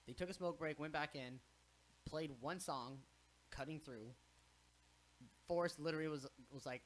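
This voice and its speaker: A young male podcast host tells stories in a casual chat, swearing freely and animatedly acting out what people said. His voice is on the high side and fairly quick.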